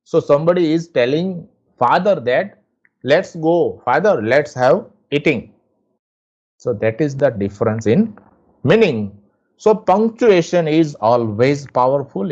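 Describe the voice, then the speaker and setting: Slow, explanatory teacher. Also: male voice, medium pitch, expressive, darkish tone, muffled recording. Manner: slow, explanatory, repeats himself. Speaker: English teacher. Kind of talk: slide lecture.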